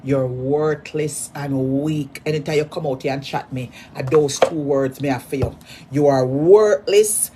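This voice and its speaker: Slow, taunting Jamaican woman ranting. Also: very deep voice, level tone, noisy background. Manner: mocking, repetitive, insults in sudden loud bursts. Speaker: social media personality. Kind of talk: taunting rant at a rival.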